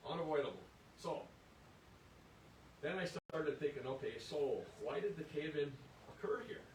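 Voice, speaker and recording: A man's voice: lively intonation, unhurried. Older man lecturing in an echoey room. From Upper Peninsula of Michigan. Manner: earnest, indignant, reads quotes aloud, repeats words as he restarts. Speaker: presenter at an archives lecture. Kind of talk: public history lecture. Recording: echoey room, distant mic, faint rumble.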